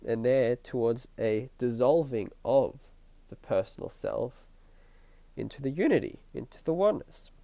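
A man hosting his own podcast with a stuffy, nasal voice and a croaky throat, musing in a reflective spiritual monologue and repeating his phrases as he thinks aloud. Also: mid-range voice, animated, measured pace, mellow, no room sound. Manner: musing, repeats phrases, chuckles between thoughts. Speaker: podcast host. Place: at home at night.

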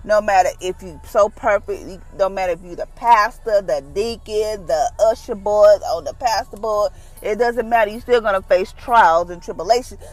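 Lady doing a laid-back devotional talk, chatty, acts out quotes, bit of soft music behind. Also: medium pitch, normal speed, hardly any pauses. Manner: conversational, acts out quoted voices; informal, down-to-earth phrasing. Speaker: devotional speaker. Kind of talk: casual daily devotion.

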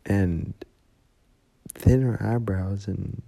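A drunk man talks slowly into his phone, rambling and swearing. His voice sits very low and dark, with a husky, gravelly edge. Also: steady tone. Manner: rambling, profane, heartfelt. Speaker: voice memo rambler.

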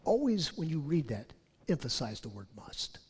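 A man preaching a sermon, rising loud on his key points and dropping low for scripture. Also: sing-song, normal speed, husky. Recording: long hall reverb.

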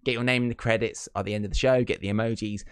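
A man's voice: fairly low pitch, rapid-fire, clear, resonant tone, no echo, studio quality. A man co-hosting a wrestling podcast, chatting casually and joking often. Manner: jokey, excitable, laughs often. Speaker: podcast co-host. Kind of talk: casual chat.

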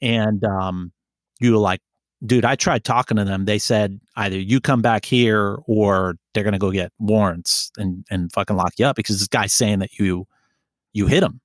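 Brief: lower-voiced New man, animated, swearing storyteller, dry close sound. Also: moderate pace, dry recording. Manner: profane, rambling, animated storytelling. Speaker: podcast co-host telling a story. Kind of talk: casual storytelling chat.

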